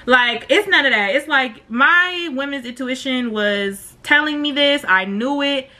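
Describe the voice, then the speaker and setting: A woman's voice: high-pitched, a little slow. A woman telling a story on her vlog in slangy casual chat, acting out what people said. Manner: slangy, animated, acts out quoted voices. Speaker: storytime vlogger.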